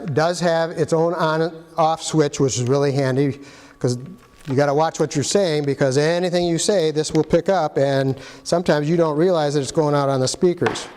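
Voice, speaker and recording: A man with a fairly high voice walks through setting up sound gear in a casual, practical way. He talks straight to the viewer with homespun asides. The room around him rings with a long reverb. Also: darkish tone. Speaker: arts facility equipment guide. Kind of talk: casual instructional walkthrough.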